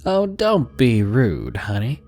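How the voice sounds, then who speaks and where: A man voicing a leering middle-aged cowboy with a heavy Southern drawl, slow and overfamiliar. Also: mid-range voice, big pitch swings, gravelly, a little mellow, soft background music, exaggerated voice.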